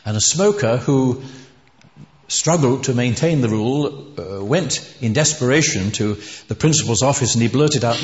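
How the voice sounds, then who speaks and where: A man preaching a sermon, earnest and emphatic, lifting his voice on key words. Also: on the low side. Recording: dull, echoey hall recording.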